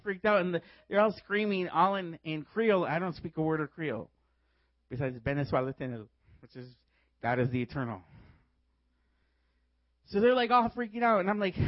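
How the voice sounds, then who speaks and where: A man preaching a sermon, telling stories in a lively way and laughing often as he goes. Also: high-pitched, no room sound, dull audio. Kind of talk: sermon with storytelling.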